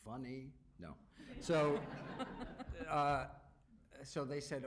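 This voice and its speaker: A middle-aged man, an actor, answering audience questions on stage with animated, self-deprecating storytelling. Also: a little high, very slow, a crowd in the background. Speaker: actor at festival Q&A. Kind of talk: onstage Q&A answers.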